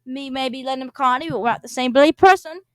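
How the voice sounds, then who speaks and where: A woman plays a shrill, indignant young man in a text game, screeching his complaints. His voice runs high and rings up close and dry. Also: fast, smooth, no room sound, natural voice.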